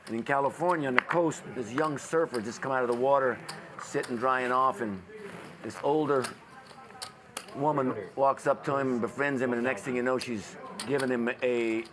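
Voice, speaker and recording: Casting: a man spinning slow jokes at a card table, mid pitch, noisy mic. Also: fairly even intonation. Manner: drawn-out storytelling with restarts. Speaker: poker player.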